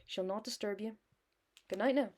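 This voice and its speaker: A woman's voice: medium pitch, moderate pace, a little mellow, natural voice. A woman voicing a talkative, motherly middle-aged landlady in a hammy Irish accent.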